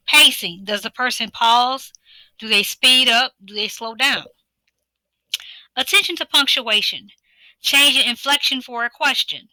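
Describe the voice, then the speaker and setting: A woman teacher talks through a lesson slide in a very bright, slightly high voice. She poses one question after another in an even, instructive rhythm. The sound is close and dry, with no room around it. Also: no room sound, rough recording.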